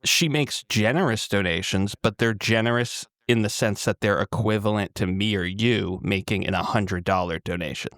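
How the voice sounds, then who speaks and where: Man, low voice, laid-back explainer, podcast co-host, dry sound. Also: moderate pace, few pauses, dry recording. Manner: relaxed, explanatory, says "like" often. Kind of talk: casual political chat.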